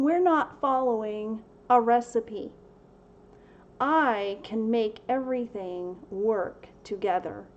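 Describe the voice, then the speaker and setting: A woman's voice: on the high side, warm tone, lo-fi sound, slight background noise. A middle-aged woman hosting a casual devotional livestream from home, laughing often and at times tearful. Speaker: livestream host.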